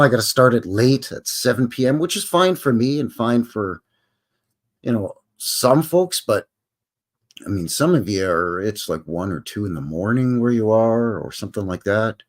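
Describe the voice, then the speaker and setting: Folksy middle-aged man, lively voice. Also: mid-range voice. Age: 50s. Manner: folksy, rambling, chatty. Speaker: live stream host. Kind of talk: casual live stream chat. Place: home.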